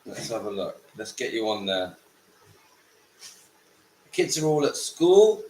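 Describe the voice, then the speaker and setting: A man with a croaky voice from a cold, hosting a casual livestream from home and greeting viewers by name. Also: on the low side, sing-song, a little slow, darkish tone, a little hiss or hum. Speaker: livestream host. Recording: echoey room with faint ambience.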